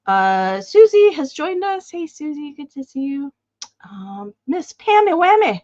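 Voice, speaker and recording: A woman's voice: sits high, sing-song, a little slow, darkish tone, no echo, dull audio. A woman hosting a live online sale, chatting casually and greeting viewers by name. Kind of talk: casual live-stream chat.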